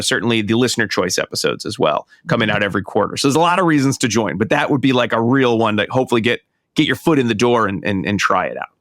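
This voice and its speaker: Here the co-host's voice sits in the mid-range with a fairly bright tone, captured cleanly in the studio without any room sound. He's casual and talkative, drifting from point to point and revising himself as he goes.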